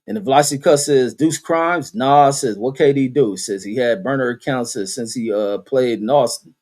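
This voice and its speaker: A man's voice: mid-range voice, normal speed, a little mellow. Profane laughing man reading stream chat. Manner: profane, laughing, reads chat comments aloud. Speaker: livestream host reading chat. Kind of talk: casual livestream commentary.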